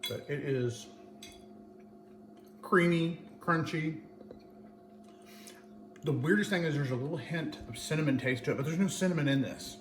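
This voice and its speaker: A man's voice: on the high side, normal speed, long pauses, echoey room, a little hiss or hum. A man hosting a casual home cooking demo, chatty and playful as he talks to viewers. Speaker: cooking channel host. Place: home kitchen.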